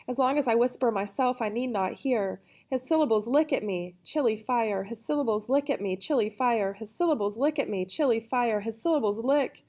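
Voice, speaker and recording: Woman reading an intense first-person story. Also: mid-range voice. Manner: intense, shifting between hushed and cried-out lines. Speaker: reader.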